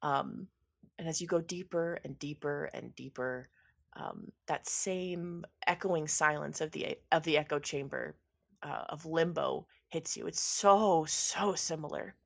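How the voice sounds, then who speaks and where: Woman game master, low voice, descriptive narration, fillers, repeats words. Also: a little slow, vocal fry. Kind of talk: narrating a tabletop role-playing game.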